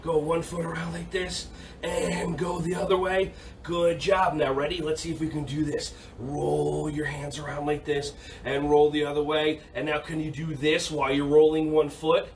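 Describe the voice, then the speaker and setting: A man leading a kids' yoga and karate class, cheerful and encouraging, repeating his praise and sometimes bursting into shouts. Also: fairly high pitch, little pitch movement, normal speed, far from the mic, a little hiss or hum. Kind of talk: upbeat kids' class instruction. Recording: echoey room, voice off-mic.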